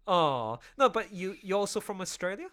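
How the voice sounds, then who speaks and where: A man hosting a casual group voice chat, animated and laughing often. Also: sits high, normal speed. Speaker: server host and game master.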